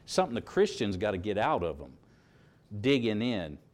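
A man preaching, a pastor reading scripture aloud and explaining it with animated emphasis. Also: on the low side, moderate pace.

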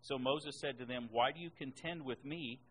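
A man preaching a sermon and reading scripture aloud, rising sharply in pitch and volume on the words he stresses. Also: moderate pace, fairly bright tone, slight background noise, rough recording. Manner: emphatic, rises in pitch and volume on key words.

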